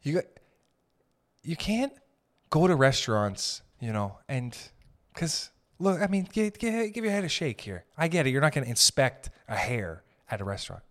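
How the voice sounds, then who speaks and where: A man's voice: mid-range voice, big pitch swings, normal speed. A man in his thirties hosting a solo podcast, ranting in a profane, exasperated, rambling way full of restarts. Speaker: podcast host. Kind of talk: solo comedic rant.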